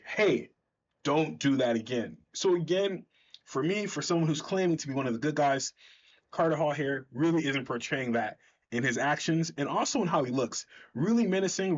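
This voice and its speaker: A man chatting enthusiastically as he recaps a comic book, correcting himself as he goes, on a slightly dull recording. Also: on the high side.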